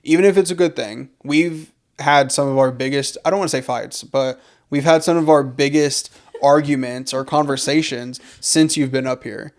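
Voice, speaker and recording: A man's voice: mid-range voice, steady tone, moderate pace. A young man co-hosting a podcast, talking earnestly and reflectively about faith in a casual conversation. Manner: earnest, reflective, repeats phrases for emphasis. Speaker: podcast co-host.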